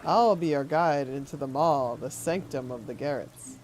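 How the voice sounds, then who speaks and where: A woman reading aloud as a creepy older man in a game. He speaks slowly and ominously and calls himself a guardian. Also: low-pitched, a little mellow, slight background noise, pitched below the performer's own voice, close to an everyday voice. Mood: menacing.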